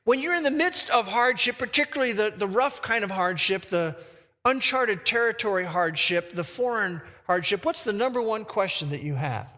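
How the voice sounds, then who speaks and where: A man preaching a sermon who reads scripture slowly and with emphasis. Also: high-pitched, animated, pushed and bright, in a large hall. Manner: slow, emphatic verse reading.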